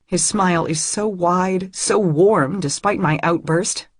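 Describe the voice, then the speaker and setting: A woman's voice: on the low side, slow pace, slightly rough, no room sound. A woman narrating a first-person audiobook in an intimate, emotional reading on a close studio mic.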